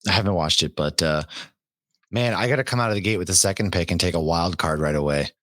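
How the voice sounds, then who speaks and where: A man co-hosting a casual podcast chat, teasing and quick to joke. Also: deep voice, a bit bright, no echo, studio quality. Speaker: podcast co-host.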